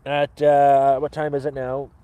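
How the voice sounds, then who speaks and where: A man's voice: mid-range voice, monotone, a little slow, dark tone, clean tone, no echo. A man hosting a live cooking stream from his camp, rambling cheerfully to viewers and swearing freely.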